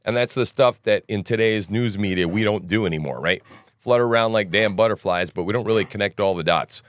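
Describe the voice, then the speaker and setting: A man's voice: lowish voice, brisk. A male podcast host with a morning voice, rambling through casual livestream news commentary and tossing in "right?" asides and jokes.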